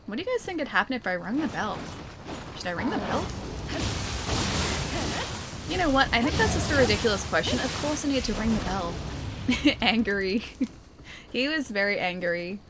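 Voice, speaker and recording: A woman's voice: a little high, very animated, moderate pace, long pauses, over loud music. Playful, chatty woman streamer. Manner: playful, chatty, jokey asides. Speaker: game streamer. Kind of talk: live gameplay commentary, chatting with viewers.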